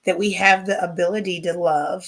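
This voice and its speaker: A woman speaking as a podcast guest, gentle and reflective, in a measured faith-based conversation. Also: fairly low pitch, steady tone.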